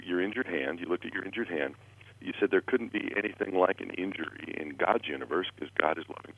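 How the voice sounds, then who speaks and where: Low-voiced radio host guy, bit husky, digging in with questions, thin phone-line sound. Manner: probing, circles through a list of options. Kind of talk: radio interview.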